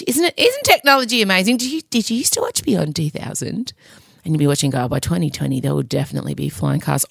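A woman hosting a podcast in a chatty, jokey, self-mocking way, her voice deep and rough from early morning. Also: fairly bright tone, dry recording. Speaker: podcast host. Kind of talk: casual solo podcast chat.

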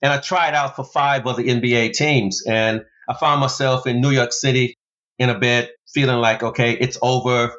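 An American man telling stories as an interview guest, his voice sitting at an ordinary middle pitch. He speaks animatedly and leaps upward for emphasis. The audio is a little dull and muffled. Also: moderate pace. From United States. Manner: animated storyteller, big pitch jumps for emphasis. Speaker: guest, former pro basketballer and motivational speaker. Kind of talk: storytelling interview.

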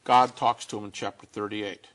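A man's voice: fairly low pitch, fairly even intonation, fairly bright tone. Earnest man telling a personal story. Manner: earnest storytelling, slowing down for emphasis. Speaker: speaker on grief and faith. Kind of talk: conversational personal talk.

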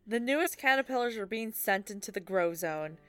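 A woman's voice: mid-range voice, expressive, brisk, a bit bright, clean tone, dry recording. A woman co-hosting a podcast, reading a friend's handwritten story and stumbling over words. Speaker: podcast co-host.

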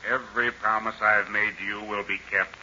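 Suave menacing villain, lowish voice, bright edge, muffled old radio recording. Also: male voice, level tone, a little fast, slight background noise. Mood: coaxing menace. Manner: smooth, menacing, coaxing. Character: suave scheming male villain Ivan Shark. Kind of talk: 1930s radio drama acting.

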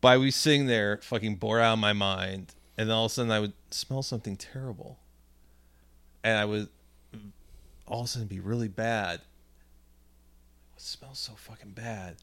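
A man's voice: fairly low pitch, normal speed, pauses often, no room sound. A man co-hosting a podcast, telling stories in a casual, profane way and acting out the people in them. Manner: profane, animated storyteller acting out quotes. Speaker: podcast co-host. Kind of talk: casual storytelling chat.

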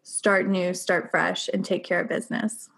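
A woman's voice: fairly low pitch, flat delivery, normal speed, gravelly, a bit bright. Woman podcast host, supportive and affirming, casual fillers. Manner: affirming, uses filler words like "like" and "you know". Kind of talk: supportive interview chat.

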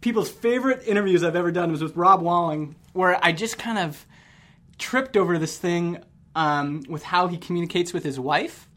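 A man's voice: high-pitched, moderate pace, fairly bright tone. A Canadian man hosting a podcast, chatting loosely and laughing easily with his guest. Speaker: podcast host. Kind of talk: casual podcast conversation.

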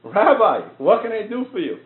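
A man voicing a hearty, eager older male politician who calls out loudly and excitedly. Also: high voice, moderate pace, voice pushed up. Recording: tinny phone-like sound in an echoey room.

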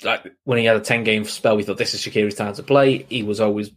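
Husky-voiced man talking football. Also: lowish voice, steady tone, fast. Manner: blunt, opinionated, talks in long runs with restarts. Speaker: podcast co-host. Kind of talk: casual football chat.

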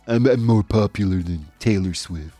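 A man's voice: fairly low pitch, normal speed, mellow, no echo, faint music behind, pitched below the performer's own voice, natural voice. A man doing a brief impression of a boastful, blustering male politician, bragging and repeating himself. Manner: bragging, repetitive.

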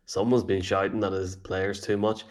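Casting: lower-voiced man, chatty teasing podcast co-host. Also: level tone. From Ireland. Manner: chatty, teasing, quick to laugh. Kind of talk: casual sports chat.

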